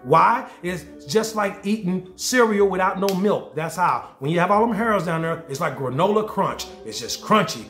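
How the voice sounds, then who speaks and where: High-pitched guy in his 40s joking around loud and raunchy, roomy echo. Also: expressive, moderate pace, few pauses. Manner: loud, joking, playfully crude. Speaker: vlogger and DJ. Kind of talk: casual comedic monologue to camera. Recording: echoey room with faint music.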